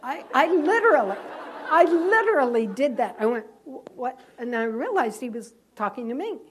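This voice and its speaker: A woman who is a Catholic nun, giving a talk to fellow sisters and telling a story in a lively, self-mocking way. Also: sits high, normal speed, a faint crowd, slight background noise. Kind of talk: storytelling sermon.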